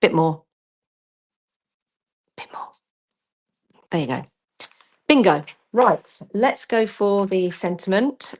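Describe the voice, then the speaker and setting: A woman's voice: mid-range voice, expressive, slow, long pauses. Casual female craft host, self-deprecating, talks while she works. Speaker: craft demonstrator. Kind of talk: live crafting demo.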